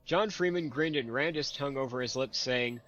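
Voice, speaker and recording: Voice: mid-range voice, fairly quick, a bit bright, highs cut off. A reader making wry, dry comments while reading a bad fanfiction aloud with friends. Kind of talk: comedic reading and banter.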